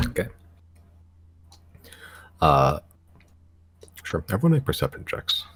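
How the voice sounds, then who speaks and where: A man's voice: a bass voice, sing-song, takes it slowly, fairly bright tone, slightly rough. A man narrating as game master in a tabletop game, with a casual, hesitant delivery full of fillers.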